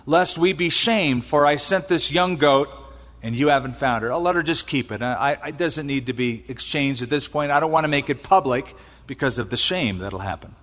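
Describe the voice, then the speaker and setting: Animated preacher in a ringing hall. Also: male voice, mid-range voice, normal speed. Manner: animated, acts out quotes, exclaims. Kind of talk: sermon, retelling scripture. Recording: long reverb in a large hall.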